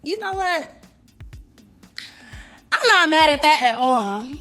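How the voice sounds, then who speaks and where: A woman's voice: sits high, very animated, slow, bright, forceful tone. Angry ranting woman, cursing, lecturing, faint music behind. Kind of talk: angry profane rant.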